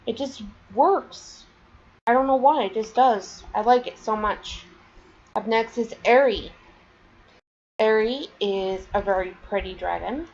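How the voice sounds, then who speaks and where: A woman talks through her collection in an unhurried, meandering way, filling gaps with "um" and "like." Her voice sits at a middling pitch, and the recording sounds a little dull and lo-fi. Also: a little mellow. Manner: chatty, rambling, many fillers. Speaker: vlogger. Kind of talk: casual show-and-tell.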